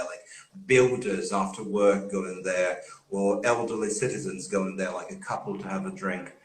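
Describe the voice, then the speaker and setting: Brazilian man telling stories in a roomy echo. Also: fairly low pitch. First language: Portuguese. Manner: lively storyteller, chuckles often. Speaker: guest English teacher. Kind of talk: casual live interview.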